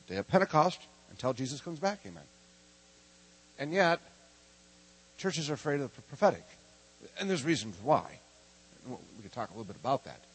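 A middle-aged man from Minnesota preaching a lively, humorous sermon and calling on the congregation to answer back. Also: mid-range voice, moderate pace, long pauses, husky, rough recording. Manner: animated, joking, calls for congregation response. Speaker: preacher teaching a prophetic ministry school.

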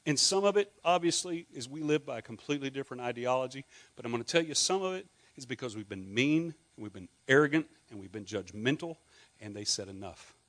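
A man's voice: medium pitch, expressive, quick pace, fairly bright tone. A middle-aged Scottish man preaching a sermon in a conversational way, asking the congregation questions and adding joking asides. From Scotland. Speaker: pastor.

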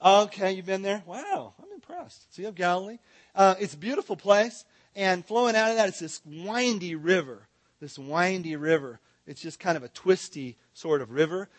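A man's voice: sits high, animated, moderate pace. A man teaching a Bible seminar in a church, joking with and directing his audience.

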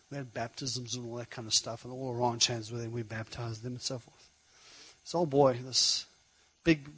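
Husky-voiced male preacher telling stories. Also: medium pitch, rough recording. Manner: conversational, animated preaching. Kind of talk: sermon storytelling.

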